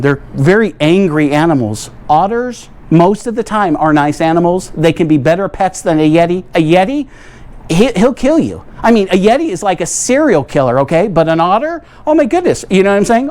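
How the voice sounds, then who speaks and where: A man's voice: high-pitched, a little mellow. A man from the United States hosting a playful product review vlog from his garage, rambling with tongue-in-cheek claims and checking in with viewers. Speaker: video host reviewing coolers. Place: home garage.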